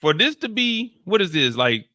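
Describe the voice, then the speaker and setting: A man hosting a casual TV recap, talking in an animated, slangy and joking way. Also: sits high, moderate pace, dry recording, studio quality. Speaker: show host.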